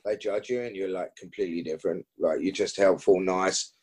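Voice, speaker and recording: A man's voice: sits low, fairly even intonation, a little fast, a little mellow, husky. A man talking as a podcast guest in casual chat, rambling with restarts and frequent swearing. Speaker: podcast guest, BMX rider.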